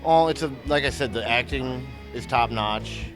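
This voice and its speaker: A man's voice: medium pitch, moderate pace, fairly bright tone, soft background music. A man answering interview questions hesitantly, with many uhs and repeated words. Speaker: interview guest.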